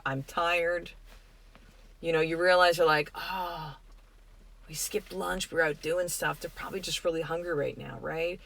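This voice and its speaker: A middle-aged woman hosting a podcast, giving a gentle, earnest, reflective spiritual self-help talk. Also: fairly low pitch. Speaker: podcast host.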